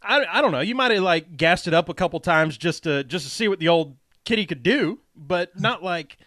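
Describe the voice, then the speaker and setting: A man's voice: high-pitched, lively intonation, moderate pace, a bit bright, dry recording, clean studio sound. A man hosting a casual podcast, telling loose stories and laughing often. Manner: chatty storyteller who laughs often. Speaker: podcast host. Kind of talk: casual chat.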